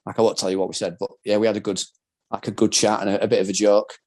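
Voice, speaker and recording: The podcast guest, a British ex-soldier who plays wheelchair rugby, talks rapid-fire in a low, darkish voice with little pitch movement. His account is candid, casual and rambling, heavy with filler words.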